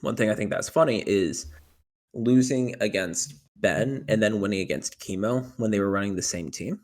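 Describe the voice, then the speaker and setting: In an interview about his tournament run, a young man speaks casually at a normal speed, his voice on the low side. He rambles with frequent fillers and turns animated over the panicky moments.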